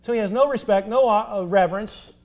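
A pastor preaches a sermon in a notably high voice, emphatically driving his points home with rhetorical questions such as "don't we?" He alternates loud, stressed words with quiet, drawn-out phrase endings, and the audio's highs are cut off.

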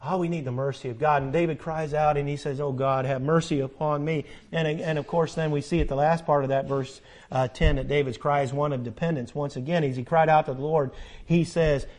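Male pastor, high-pitched, preaches with fervent swells and soft asides. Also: fairly quick. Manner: swings from loud emphatic preaching to hushed earnest tones. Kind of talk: sermon.

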